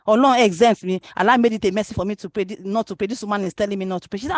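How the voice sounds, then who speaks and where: A Nigerian woman speaks quickly and urgently, pressing her listeners with one rhetorical question after another. She mixes Arabic and Yoruba phrases into her English. Her voice sits at a middle pitch and sounds dry and close, with no room echo. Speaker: speaker at a parenting talk. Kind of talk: impassioned religious talk.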